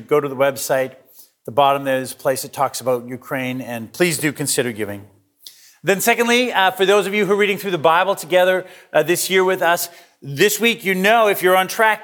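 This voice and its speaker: Earnest, slightly high-voiced male pastor. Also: fairly bright tone. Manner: earnest, conversational with frequent fillers and restarts. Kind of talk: sermon.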